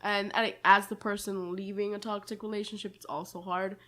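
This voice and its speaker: A woman's voice: mid-range voice, flat delivery, brisk, a bit bright. A young woman in her twenties co-hosting a casual chat podcast, talkative, with many fillers and restarts, and she laughs easily. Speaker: podcast co-host.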